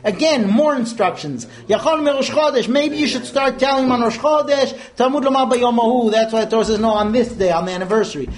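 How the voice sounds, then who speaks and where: A man with a high voice leads an informal class. He is animated, tells stories and drops in quick asides and Hebrew terms. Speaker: teacher.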